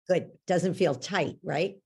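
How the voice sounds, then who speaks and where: A woman coach guiding a guest through a belief exercise with direct, steady questions. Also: fairly low pitch, takes it slowly, creaky, breathy edge.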